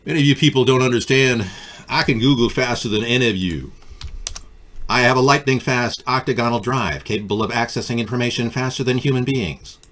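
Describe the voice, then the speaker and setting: A man's voice: medium pitch, brisk, fairly bright tone. A man hosting a live political talk stream, riffing sardonically on viewer comments. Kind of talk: casual political chat.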